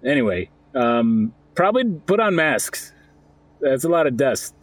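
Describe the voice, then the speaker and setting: A man plays a hesitant maintenance man in an improv comedy scene. He hums and halts as he talks, and his pitch swings widely. The recording is dry and close. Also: big pitch swings, no room sound. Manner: halting, full of ums.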